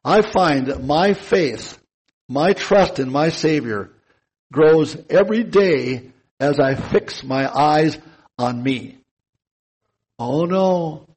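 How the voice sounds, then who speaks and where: A man preaching a sermon, speaking slowly and deliberately and stretching key words for emphasis. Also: a little high, animated, a little mellow, slightly rough, poor audio.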